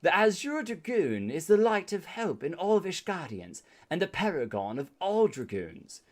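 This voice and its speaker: Man putting on an older male knight, mentor, solemn, formal, put-on English accent, raised pitch, lively swoops. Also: normal speed. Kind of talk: reading game dialogue aloud.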